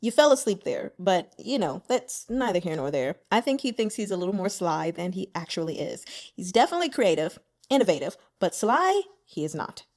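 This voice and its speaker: A woman in a casual chat after reading web novel chapters aloud. She is playful and giggly, addressing the characters directly. Her voice sits at an ordinary middle pitch. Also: sing-song, fairly quick, a little mellow. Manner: chatty, playful, laughs often, talks to characters directly. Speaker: web novel audiobook reader.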